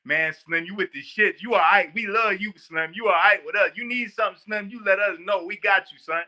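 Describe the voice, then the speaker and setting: A man voicing a brash young male inmate who shouts in street slang and swears. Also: high-pitched, fairly quick, voice pushed up. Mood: friendly.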